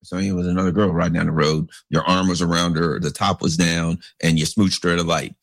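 A man's voice: a little fast, dry recording, studio quality. A man giving a rambling, casual commentary monologue, acting out the people in his stories. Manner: rambling, animated, swoops into big pitch jumps; acts out characters in anecdotes.

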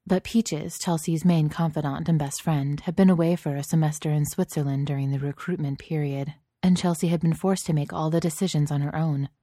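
A woman narrates a story in a low, mellow voice with a dry, even delivery. The recording is close and free of room echo. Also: brisk, hardly any pauses. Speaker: audiobook narrator. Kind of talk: scripted narration.

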